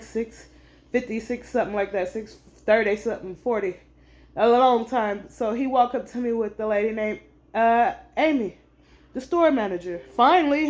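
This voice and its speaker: In a darkish, higher-pitched voice, this female veteran vlogger tells the camera about a store incident, lively and indignant, repeatedly addressing her audience as "honey."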